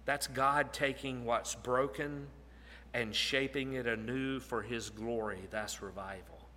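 A man preaching a sermon in an earnest, deliberate way, sinking to a low, soft voice for emphasis. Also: fairly even intonation, in a large hall, a little hiss or hum.

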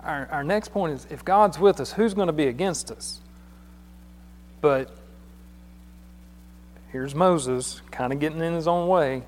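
A man's voice: fairly high pitch, measured pace, long pauses. A man preaching a sermon in a church hall, talking in a plain conversational way and often repeating his words. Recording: long hall reverb.

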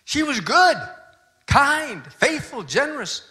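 A man's voice: medium pitch, huge pitch swings, normal speed, sharp tone, big-room sound, voice pushed down. A man playing a crotchety old farmer. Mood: grieving, angry. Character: crotchety old male retired farmer, grumbling.

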